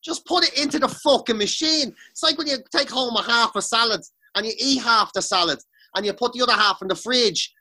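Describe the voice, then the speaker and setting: Irish man, bright voice, sweary animated comic ranting. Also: very high voice. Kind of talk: casual comedic rant. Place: sitting on the floor of a room.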